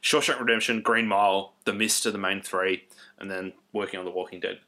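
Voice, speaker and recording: A man co-hosting a podcast in casual chat, talking in lively bursts with halting restarts and self-mocking asides. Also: on the low side. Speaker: podcast co-host.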